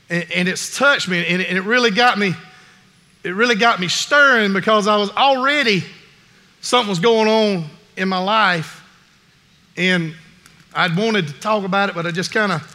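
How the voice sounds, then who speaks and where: A man's voice: high voice, bright, forceful tone. A man preaching a sermon in an earnest, folksy way, often restarting his sentences. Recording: long reverb in a large hall.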